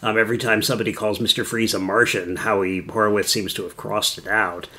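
Male podcast co-host, lowish voice, wry and musing, halting casual delivery. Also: level tone, sharp tone. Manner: thoughtful, wry, pauses often with fillers. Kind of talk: casual chat.

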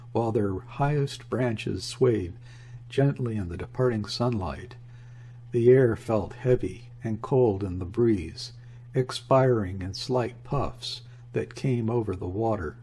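A man narrating a classic novel as an audiobook, reading in a measured, even way. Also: on the low side, slight background noise.

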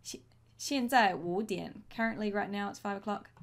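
A woman teaching a language lesson, modelling each phrase slowly and clearly for learners to repeat. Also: mid-range voice. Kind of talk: slow, deliberate language lesson.

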